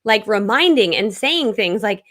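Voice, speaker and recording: A woman in her thirties hosting a live-stream coaching session, talking casually, loudly and energetically and laughing often. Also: mid-range voice, big pitch swings, measured pace.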